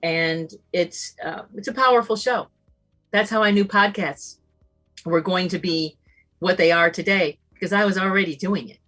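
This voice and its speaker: Middle-aged woman, radio talk host guesting, confident, lowish voice, faint music behind. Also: normal speed, a bit bright. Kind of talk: guest interview on a live video show.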